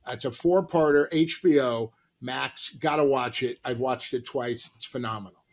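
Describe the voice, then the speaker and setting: Middle-aged actor guy from LA, telling lively stories, plays out everyone he quotes, mid-pitch voice. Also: normal speed. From Los Angeles. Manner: animated anecdotes with acted-out quotes. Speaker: actor and comedian guest. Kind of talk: storytelling interview.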